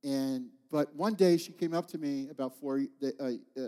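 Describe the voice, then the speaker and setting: Brief: male pastor, 50s, slightly high voice, heartfelt storytelling sermon, long hall reverb. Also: moderate pace, warm tone. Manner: heartfelt storytelling with call-outs to the congregation. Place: church.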